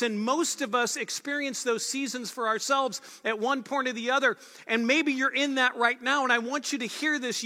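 A male pastor with a high, bright, forceful voice delivers an earnest, conversational sermon. He leans on repeated phrases to drive his points home. His words ring out with a long reverb, as if filling a large church.

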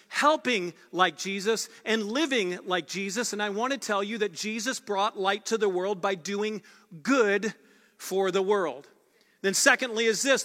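High bright-voiced male pastor preaching. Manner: earnest and conversational, with emphatic repeated phrases. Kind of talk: sermon. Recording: long reverb of a large hall.

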